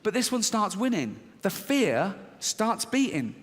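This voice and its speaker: On a large theatre stage, a middle-aged man with a high-pitched voice tells a stand-up story at a measured pace, acting out both sides of an inner argument. His storytelling is animated, swinging between the argument's voices. A stage mic picks him up in a reverberant hall, with the audience faintly audible.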